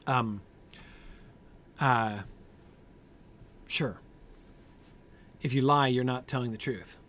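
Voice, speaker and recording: Man leading a Bible study, thinking aloud. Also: mid-range voice. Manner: thinking aloud with many fillers and "right?" checks; answers group members by name. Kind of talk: informal Bible study discussion.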